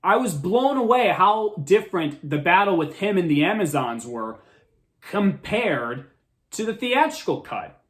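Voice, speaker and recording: Excited high-voiced man ranting about a movie. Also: unhurried. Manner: excited, rambling, restarts a lot. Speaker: host of a movie review show. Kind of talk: casual movie review monologue.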